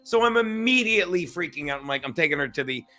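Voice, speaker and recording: A man's voice: a little high, animated, fast talker, bright, forceful tone. A man on a video call, telling a rambling story full of swearing and acted-out quotes in casual chat. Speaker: drop-in guest. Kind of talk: casual chat on a live stream.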